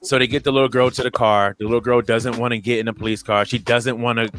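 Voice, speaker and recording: A man co-hosting a podcast, telling a story casually and acting out the people in it with big jumps in his voice. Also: fast. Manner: animated retelling, acts out quoted voices with big pitch jumps. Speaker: podcast co-host.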